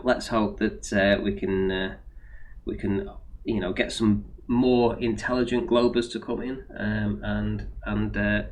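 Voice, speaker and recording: Easygoing male live-stream host, lowish voice, faint hiss behind. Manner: laid-back, many fillers and laughs. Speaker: host of a live debate show. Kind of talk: casual live-stream chat.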